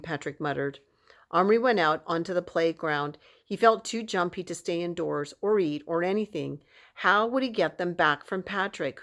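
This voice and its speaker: Woman reading a children's novel aloud. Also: on the low side. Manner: steady, expressive storytelling with a casual aside. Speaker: audiobook reader.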